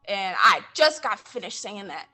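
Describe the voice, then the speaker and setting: A woman playing a blunt middle-aged man who runs a coastal mission, telling his story on stage and getting heated and loud. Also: mid-range voice, sing-song, normal speed, faint music behind, exaggerated voice. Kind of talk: stage monologue from interviews.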